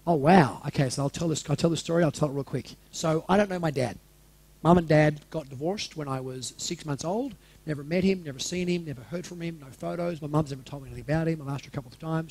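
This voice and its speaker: A man's voice: fairly high pitch, quick pace, darkish tone, a little hiss or hum. Candid man telling his story. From Australia. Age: 40s. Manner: candid, swears freely, asks the audience questions. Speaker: speaker telling a personal story to an audience. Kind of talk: casual storytelling to a live audience.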